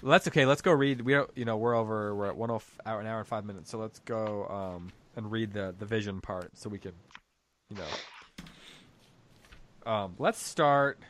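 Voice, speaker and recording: A man's voice: on the low side, normal speed, a bit bright, slight background noise. A man hosting a book discussion podcast, reflectively thinking aloud about a story. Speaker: host.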